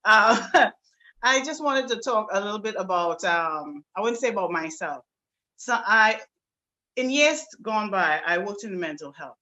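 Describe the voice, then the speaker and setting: Bright-voiced Trinidadian woman, effusive. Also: mid-range voice, animated, measured pace, muffled recording. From south Trinidad. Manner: warm, effusive greetings, talkative. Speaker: singer-songwriter and presenter. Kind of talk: casual online event talk.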